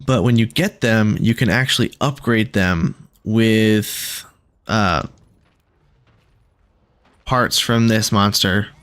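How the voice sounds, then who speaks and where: A man's voice: fairly low pitch, slow pace, long pauses, fairly bright tone, smooth. A man casually commenting on his own gameplay as he plays, thinking aloud and reacting with sudden exclamations. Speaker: gaming video creator.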